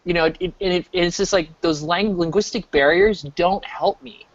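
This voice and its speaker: An American man in his thirties chatting casually while he streams, rambling, restarting sentences and getting animated. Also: high voice, normal speed, no room sound. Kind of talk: casual chat. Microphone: desk mic. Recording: dull lo-fi mic.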